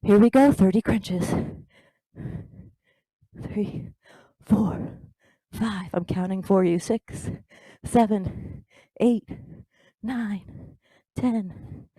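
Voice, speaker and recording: A woman instructor talks the viewer through a home workout, counting each rep and cheering them on. Her delivery is slow and deliberate at a middle pitch. The sound is dry and close. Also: fairly even intonation, mellow, slightly rough, dry recording. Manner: encouraging, counting reps aloud. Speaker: fitness instructor.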